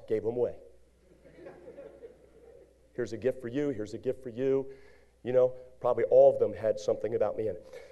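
A man pastor preaching a lively sermon, acting out little scenes and rising to shouts at his peaks. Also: medium pitch, moderate pace, long pauses, lo-fi sound.

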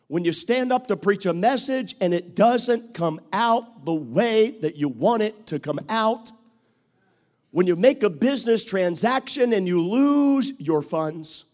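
A male preacher delivering a dramatic sermon, acting out quoted voices and swinging from loud to hushed. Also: sits high.

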